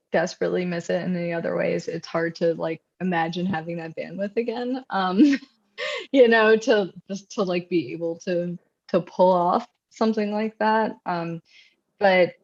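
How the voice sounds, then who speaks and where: Chatty low-voiced woman, lo-fi sound. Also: steady tone, measured pace. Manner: chatty, many fillers, acts out quoted voices. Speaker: guest author. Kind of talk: casual conversation. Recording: dull lo-fi sound.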